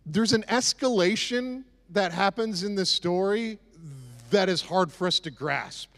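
A man's voice: high-pitched, a little slow, a bit bright. A man preaching a casual, conversational sermon with sarcastic, joking asides. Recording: echoey hall reverb.

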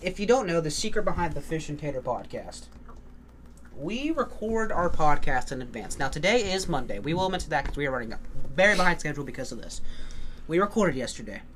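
A young man co-hosting a casual podcast, laid-back and jokey, often speaking low and mumbled. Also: very animated, fast talker, a bit bright, slight background noise. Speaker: podcast co-host. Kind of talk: casual chat.

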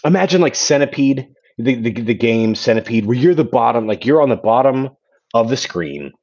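A man hosting a casual podcast, telling history in an animated way with swearing and many restarts. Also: medium pitch, moderate pace. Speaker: podcast host. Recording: dull lo-fi sound.

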